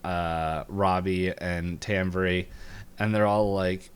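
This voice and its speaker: A man co-hosting a podcast, casually retelling a cartoon episode, laughing often and jumping up in pitch to act out lines. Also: steady tone, slow pace, clean tone. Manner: laughs while retelling scenes, voices lines with jumps in pitch. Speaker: podcast co-host.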